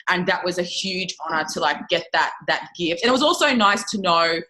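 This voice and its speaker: A woman's voice: lowish voice, animated, fairly quick, sharp tone, rough recording. A woman telling a story in a casual interview, chatty and swearing freely, with lots of "like" fillers. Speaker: interview guest, network marketing leader.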